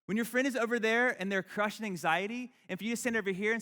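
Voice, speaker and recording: A man preaching a sermon as a pastor, animated and conversational, repeating his phrases. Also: high voice, quick pace, hardly any pauses. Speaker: youth pastor. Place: church hall. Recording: echoey hall.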